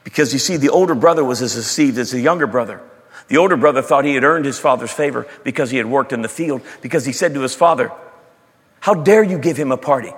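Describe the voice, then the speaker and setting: A man's voice: mid-range voice, quick pace, a bit bright, husky, long reverb tail. A male preacher giving a dramatic storytelling sermon, asking the audience questions as he retells a parable.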